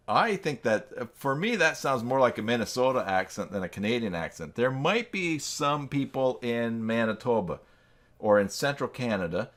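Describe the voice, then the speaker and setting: A man hosts a live stream, chatting casually while he works, in a medium-pitched, slightly bright voice. He thinks out loud and responds to viewers' messages, tossing in self-deprecating asides.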